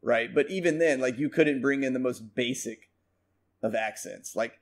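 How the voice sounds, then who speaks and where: Male podcast co-host, mid-pitched, rambling and profane, animated storyteller. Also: moderate pace. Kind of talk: casual chat.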